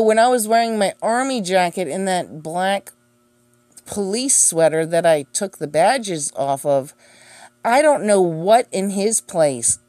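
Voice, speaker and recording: A young woman streaming a casual rant answers accusations against her with swearing, sarcasm, defensiveness and scornful laughter. Her voice is medium-pitched and a bit mellow, with no room sound.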